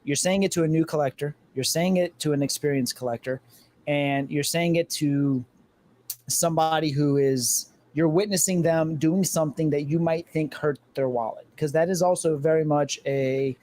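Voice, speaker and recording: A man's voice: fairly high pitch, fairly even intonation, normal speed, darkish tone. Emphatic, swearing man on a podcast. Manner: emphatic, argumentative, swears freely. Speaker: podcast co-host. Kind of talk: casual podcast chat.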